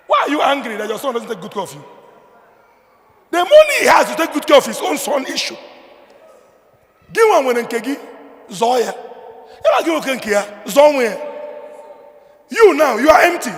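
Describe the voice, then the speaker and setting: A Nigerian man preaches from the pulpit in a high voice. He hammers points loudly and then falls to quiet, low asides. A long reverb from the hall trails his words. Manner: emphatic preaching, swinging between loud declarations and low asides. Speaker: pastor. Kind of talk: sermon.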